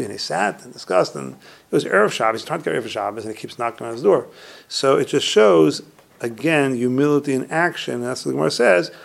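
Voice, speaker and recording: A male Torah teacher retelling Talmud stories. He recites Hebrew and Aramaic phrases, translates them, and often drops his voice low at the end of a phrase. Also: vocal fry. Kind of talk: recorded Torah class on humility.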